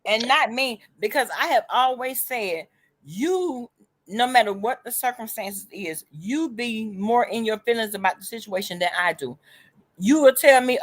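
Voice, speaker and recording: A blunt woman talks casually and swears freely. Her voice sits fairly high, and the recording is dry and close. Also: lively intonation, unhurried, no echo. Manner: blunt, profane and dismissive. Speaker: vlog co-host. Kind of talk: casual chat.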